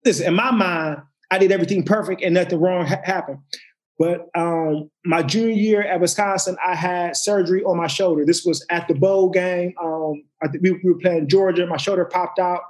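In casual storytelling, a man who used to play football talks at normal speed in a high-pitched voice. He animatedly acts out quotes, swears often, and restarts his sentences again and again.

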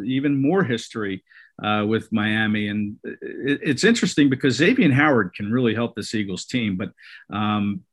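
A man hosting a casual sports talk show, conversational, with many fillers and restarts. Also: lowish voice. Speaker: sports podcast host.

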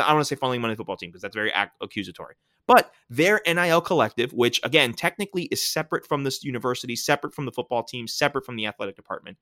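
A man's voice: mid-range voice, fairly bright tone, no room sound, studio quality. A man hosting a casual sports talk show, explaining his points emphatically and often checking in with "right?".

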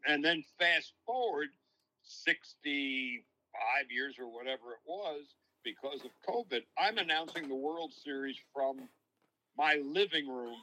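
Older New broadcaster, bright and forward, spins long reflective stories as an interview guest. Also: male voice, on the high side, unhurried, poor audio. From New York. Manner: long-winded, reflective storytelling. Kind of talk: casual interview, storytelling.

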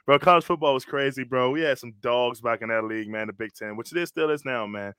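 A man hosting a casual sports talk show who tells animated stories in slangy speech and keeps saying "bro". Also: medium pitch, fast, clean tone, no room sound, clean studio sound. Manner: animated storytelling, slangy, says "bro" constantly. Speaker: podcast host, former college lineman. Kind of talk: casual chat.

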